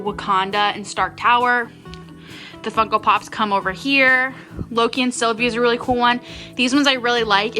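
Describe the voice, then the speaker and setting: A young woman with a bright, forceful voice chats to a handheld camera at home, giggling often and peppering her talk with "like". Her voice sits a little high, and soft music plays underneath. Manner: chatty, giggly, lots of "like". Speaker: vlogger. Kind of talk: casual chat to camera.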